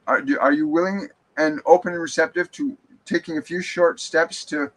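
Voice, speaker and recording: A man's voice: fairly high pitch, normal speed, a bit bright, low-quality recording. A man hosting a live stream as a spiritual medium. He reads viewer comments aloud and answers them in an earnest, reassuring way, often restarting his sentences.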